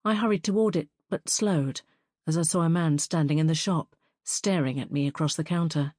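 A woman narrating a first-person fantasy story as an audiobook reader, in a measured, even storytelling manner. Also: low voice, no room sound, clean studio sound.

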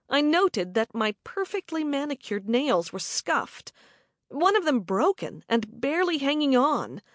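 Audiobook brief: woman, slow dramatic first-person narration, dry close sound. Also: a little high, dry recording. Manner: measured, dramatic storytelling.

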